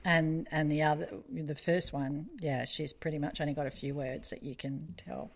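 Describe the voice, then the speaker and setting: A woman's voice: sits low, level tone, normal speed. A middle-aged woman hosting a casual conversation, chatty and digressive with frequent fillers.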